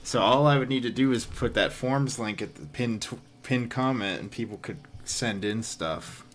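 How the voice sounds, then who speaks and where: A man's voice: medium pitch, normal speed, slight background noise. A man streaming live, giving casual, dry and sarcastic commentary.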